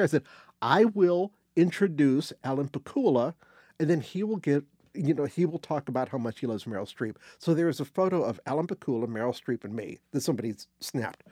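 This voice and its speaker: An older man telling a casual anecdote as a guest, animated, acting out quotes and restarting phrases. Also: a little high, breathy edge, no echo, clean studio sound. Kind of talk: casual storytelling.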